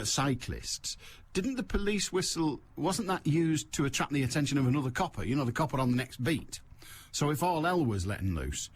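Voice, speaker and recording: Man, radio phone-in host, wry and teasing, lively swooping delivery, faint hum behind. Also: mid-range voice. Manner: wry, teasing, laughs at his own jokes. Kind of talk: chatty radio monologue. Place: radio studio.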